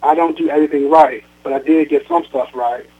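A stern, guilt-tripping old mother on the phone , as a man reads her out, dry and sarcastic with her child. The line is thin and tinny, like a phone call. Her voice his voice sits a touch high. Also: steady tone, brisk, slightly rough. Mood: reproachful. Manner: sarcastic, reproachful, then sweet.

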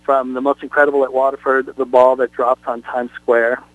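A man's voice: mid-range voice, flat delivery, brisk, dry recording, phone-quality sound. A man talking as a brand spokesperson guest on a talk show, effusive and salesy with many fillers. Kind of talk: call-in talk show interview.

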